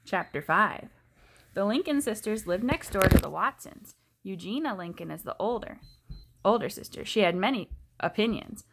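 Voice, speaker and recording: Expressive woman reading a children's book. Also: mid-range voice, normal speed, slight background noise. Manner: expressive, storytelling. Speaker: teacher reading aloud. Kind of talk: children's book read-aloud.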